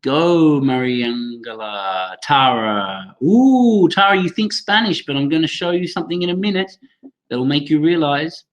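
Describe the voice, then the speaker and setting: Over a computer mic, a man leads a live online training for teachers, chatty and reacting to viewer comments while often restarting his sentences. His voice sits high and a bit bright, he speaks briskly, and the highs are cut off.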